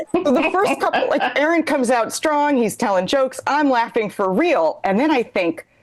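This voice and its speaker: Rambling woman comedian, high voice. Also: lively intonation, unhurried, long pauses. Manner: rambling, self-deprecating, frequent "like"; laughs through her lines. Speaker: comedy show co-host. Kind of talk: live comedic storytelling.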